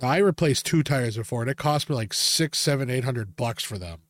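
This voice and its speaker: A man's voice: mid-range voice, expressive, fairly quick, dry recording. Podcast host, male, crude rant-style storyteller with frequent laughs; dry, close recording. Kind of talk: casual chat.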